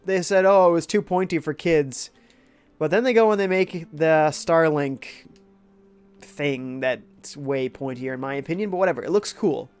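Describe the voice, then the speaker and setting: A man's voice: a little high, normal speed, smooth, faint music behind. A young man with a congested, sick-sounding voice, casually chatting while playing a game and reading out viewer comments. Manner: laid-back, reads chat aloud. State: congested from a cold. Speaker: game streamer.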